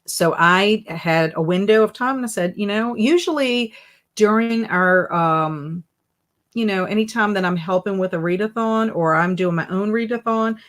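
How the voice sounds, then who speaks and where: A woman hosting a casual live stream, chatty and animated as she reads viewer comments aloud and reacts to them. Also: mid-range voice, normal speed. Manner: animated and emotional. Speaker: livestream host.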